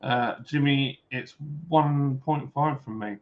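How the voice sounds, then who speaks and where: A man's voice: medium pitch, slow pace. A man with a Yorkshire accent hosting a livestream from home, chatting casually and jokily with viewers while reading comments over a beer. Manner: chatty, jokey, lots of filler "uh"s. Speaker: livestream host. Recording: dull lo-fi stream audio.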